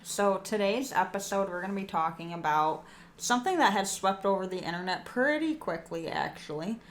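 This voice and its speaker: A woman's voice: mid-range voice, animated, moderate pace. A woman co-hosting a podcast in casual chat, talking in a loose way with many fillers. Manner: chatty, uses fillers like um and like. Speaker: podcast co-host.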